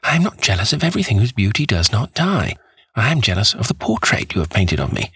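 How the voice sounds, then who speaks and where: A man reading a novel aloud, voicing a vain young man who despairs over losing his youth, in a pleading, husky voice. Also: fairly low pitch, sing-song, fast talker, fairly bright tone, exaggerated voice. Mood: anguished.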